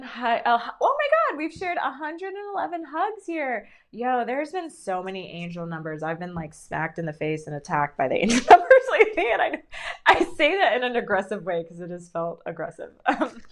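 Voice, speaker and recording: Gushing, giggly young woman reading tarot. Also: fairly low pitch. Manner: gushing, encouraging, filler-heavy with frequent giggles. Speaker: tarot reader streaming live. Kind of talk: casual live-stream reading.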